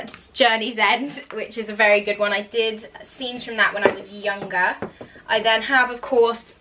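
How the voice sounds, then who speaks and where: A woman's voice: on the high side, sharp tone. A young woman, chatting enthusiastically about her book collection, laughing and tripping over names. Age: young adult. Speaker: actor vlogger. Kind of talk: casual chat.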